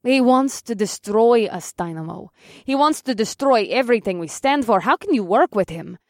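A woman's voice: on the high side, expressive, moderate pace, no room sound, studio quality. Woman doing a haughty Russian superheroine. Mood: indignant. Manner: haughty, disdainful. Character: vain, self-centered Russian superheroine, adult woman. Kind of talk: audiobook character voice.

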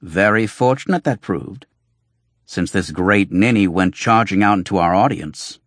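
Sly fox-faced showman doctor, read by a guy, wry and mocking, low husky voice. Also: unhurried, dry recording, clean studio sound. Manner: wry, mocking, flowing speech. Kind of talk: audiobook reading.

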